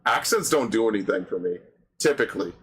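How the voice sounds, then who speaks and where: A man's voice: lowish voice, expressive, brisk, a bit bright, slightly rough, poor audio. A young man hosting a game stream, chatting casually with crude, profanity-laced rants and banter. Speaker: streamer host.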